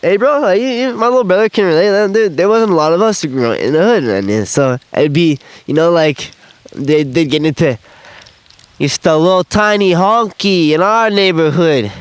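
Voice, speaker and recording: A man's voice: on the high side, expressive, a little fast, no room sound. Young man, casual profane storytelling, dry close sound, outdoor interview. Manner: rambling, profane, laughs often, acts out quotes and freestyles. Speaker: guest telling his life story. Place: outdoors on grass.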